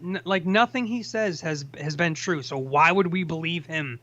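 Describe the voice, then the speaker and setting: Dude ranting and cussing on a call-in hangout, kinda high voice, muffled lo-fi sound. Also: male voice, normal speed, bright, forceful tone. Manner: profane, fired-up ranting. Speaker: host. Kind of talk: casual chat. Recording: dull lo-fi sound.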